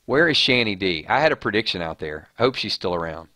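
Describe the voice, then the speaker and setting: Male stream host, lowish voice, chatty and joking, dry close sound. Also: very animated, fast, bright, forceful tone, dry recording. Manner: chatty, joking, reading viewer comments. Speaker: livestream host. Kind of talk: casual chat.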